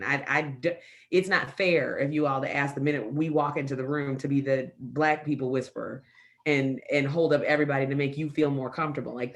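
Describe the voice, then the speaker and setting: A middle-aged woman speaking as a forum panelist, emphatic and impassioned. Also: low-pitched.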